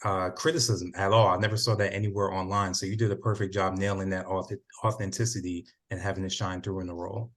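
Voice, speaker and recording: A man co-hosting an interview, talking quickly and giving praise in a casual way. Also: sits low, flat delivery, a bit bright. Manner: complimentary, quick talker. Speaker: co-host.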